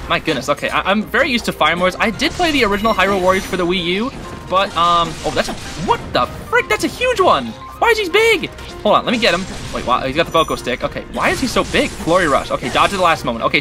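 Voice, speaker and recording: Guy doing excitable let's play commentary, high voice, swings all over, game music playing under him. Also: fast. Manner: excitable, chatty, talks to the game characters. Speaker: gaming channel host. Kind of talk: casual gameplay commentary.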